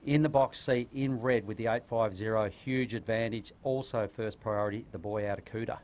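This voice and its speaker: A man's voice: fairly low pitch, fairly even intonation, normal speed, darkish tone, a little hiss or hum. A man commentating live surfing with laid-back banter and local slang. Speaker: surf commentator.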